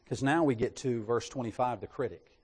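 A man preaching a sermon in an animated way, putting rhetorical questions to his congregation. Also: medium pitch, a little fast, husky, big-room sound.

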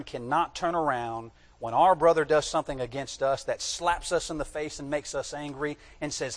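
A man delivers a sermon in a church sanctuary, his slightly high voice trailing off in the long reverb of a large hall. He reads old-fashioned scripture aloud, then breaks off to press home key words in an emphatic teaching manner. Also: fairly bright tone. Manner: emphatic, teaching, tells listeners to underline words. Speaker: preacher.

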